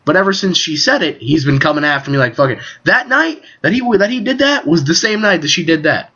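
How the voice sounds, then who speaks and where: Podcast host, male, lively pitch and bright, husky voice, blunt and profane, dull call audio. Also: a little fast. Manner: profane, animated storytelling. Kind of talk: casual podcast chat. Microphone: Skype call recording.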